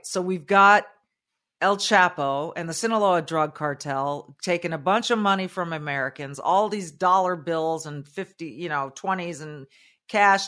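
A woman hosting a talk show interview, brisk and plain-spoken, recapping the story in folksy everyday words. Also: sits low, fairly bright tone. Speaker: radio talk show host. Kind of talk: interview host, casual.

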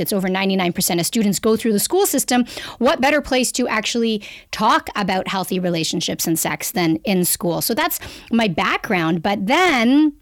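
A Canadian woman talks through her ideas in a relaxed podcast chat. She is upbeat and friendly, and her voice sits at an ordinary middle pitch. The sound is close and dry, with almost no room echo. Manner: chatty, upbeat, explanatory. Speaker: guest sexologist. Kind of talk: casual podcast conversation.

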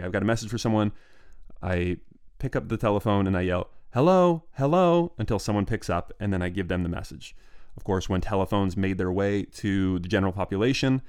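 A man's voice: on the low side, darkish tone. A man hosting a podcast, telling history in a loose, digressive, stream-of-consciousness way. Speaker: podcast host. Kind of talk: casual solo history narration.

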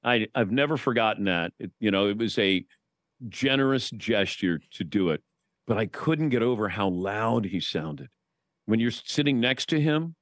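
A man's voice: on the low side, moderate pace, no echo. A man telling stories as a guest in a casual podcast chat, swearing casually now and then. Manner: storytelling, lively, swears casually.

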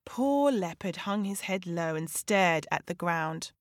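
A woman storyteller narrating a folk tale for children in an animated, dramatic way with sweeping rises in pitch. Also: a little slow, no echo, studio quality.

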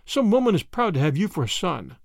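A man's voice: high voice, sing-song, a little fast, gravelly, dry recording, clean studio sound, full character voice. A man doing an earnest, fretful old grandmother. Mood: worried, grateful. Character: kindly, stubborn old grandmother.

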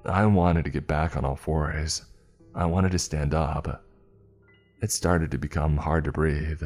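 A man narrating a first-person story in a measured, tense storytelling manner. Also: a bass voice, fairly even intonation, darkish tone, faint music behind.

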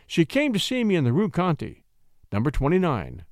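A man's voice: fairly high pitch, huge pitch swings, brisk, no echo, studio quality. A man doing an earnest young poet. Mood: rapturous. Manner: earnest, heartfelt.

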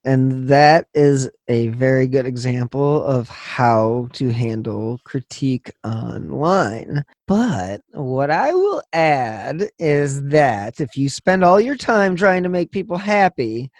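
A man's voice: medium pitch, expressive, slow, few pauses, darkish tone, no room sound. A man hosting a podcast, chatting casually in a blunt, profane, ranting way. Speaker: podcast host. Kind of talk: casual interview chat.

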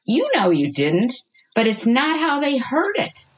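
A woman's voice: high voice, wildly swooping pitch, a little slow, highs cut off. A woman guest on a podcast giving parenting advice in an earnest, reassuring way, often checking in with "okay?". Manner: earnest, reassuring, tags points with "okay?" and "you know what?".

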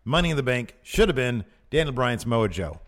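A man co-hosting a podcast, chatting casually about wrestling in an animated, rambling way. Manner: animated, rambling, quick swings in pitch. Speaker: podcast co-host.

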